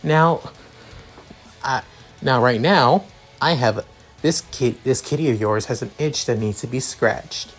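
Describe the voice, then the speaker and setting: A man's voice: mid-range voice, measured pace, pauses often, soft background music, natural voice. A man putting on a clingy, teasing young catgirl. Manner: playful, pushy, teasing.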